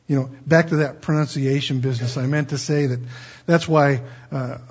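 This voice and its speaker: A man's voice: mid-range voice, darkish tone, slightly rough. A man preaching a folksy Bible-teaching sermon, chatty and digressive with joking asides, on a dull lo-fi recording.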